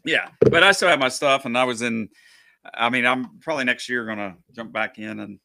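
Gravelly, bright-toned laid-back man. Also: medium pitch, no room sound. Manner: laid-back, brief replies, slow when telling a story. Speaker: podcast co-host. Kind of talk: casual chat.

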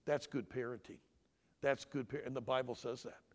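A man's voice: mid-range voice, steady tone, normal speed. Emotional male speaker in a reverberant hall. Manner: emotional, swings between loud emphasis and hushed near-whisper. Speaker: conference speaker on parenting. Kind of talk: preaching-style talk.

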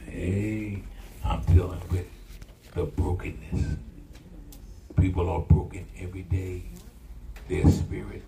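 An older man serving as pastor preaches a sermon in a low, steady voice, speaking slowly and creakily with frequent pauses. His delivery is colloquial and emphatic, with call-and-response lines to the congregation. The echoey room is noisy, with loud guitar music.

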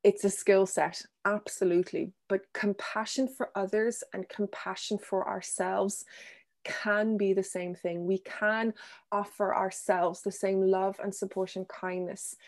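A woman answering interview questions about self-compassion in a gentle, thoughtful way, pausing with ums and restarting her sentences. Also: medium pitch, level tone. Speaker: guest speaker on self-compassion.

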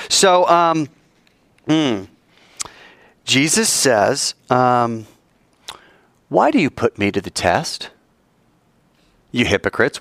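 A man preaching a sermon, telling the story with animated delivery and acting out the voices in it. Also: mid-range voice, no room sound.

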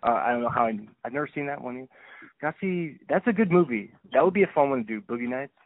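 A man co-hosting a relaxed movie podcast, chatting in an easygoing way with lots of restarts and quick laughs. His voice comes through thin and tinny, like a phone line, with no room sound. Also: mid-range voice, dry recording. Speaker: podcast co-host. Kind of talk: casual movie podcast chat.

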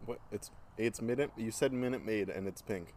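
A man's voice: lowish voice, a little mellow, a little hiss or hum. A young man co-hosting a podcast, chatting casually with lots of fillers, often talking while he eats. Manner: talks while eating, with many fillers and pauses. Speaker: podcast co-host. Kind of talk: casual chat.

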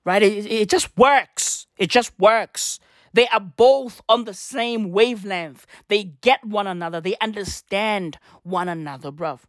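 A man's voice: high-pitched, a little slow, fairly bright tone, no room sound, clean studio sound. A man ranting comedically and profanely, full of slang and repeated rhetorical questions. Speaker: vlogger. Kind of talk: comedic rant. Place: in South Africa.

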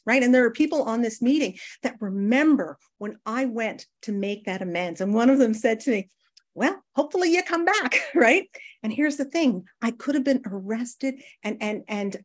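A woman speaking at a recovery meeting, sharing her story in a conversational way, often checking in with her listeners. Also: mid-range voice. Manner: conversational, addresses listeners as guys, frequent tag questions; acts out quoted people with lively voices. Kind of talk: personal recovery share.

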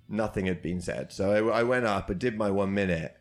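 A young man with a lowish voice tells rambling, self-deprecating comedy stories. He laughs as he talks, relaxed and chatty, sitting in a small karaoke box. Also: a little fast, few pauses. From Britain. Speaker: comedian guest. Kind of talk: casual anecdote-telling chat.

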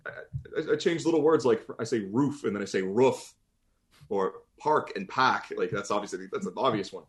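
A man from Boston talks casually as a voice actor guest. His pitch swings widely, rising and falling as he rambles. He often breaks off mid-sentence to restart, and laughs easily along the way. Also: lively intonation, quick pace. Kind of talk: casual interview chat.

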